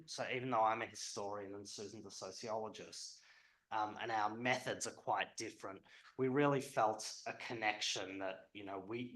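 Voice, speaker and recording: A man's voice: fairly low pitch, a bit bright, echoey room, rough recording. A man speaking at a public event as a historian, conversational and hesitant with frequent ums.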